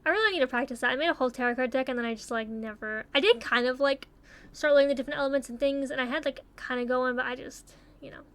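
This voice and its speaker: A young woman chatting casually as she takes online quizzes, swearing freely and thinking out loud. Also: high voice, fast. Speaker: YouTuber taking online quizzes. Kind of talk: casual commentary while playing.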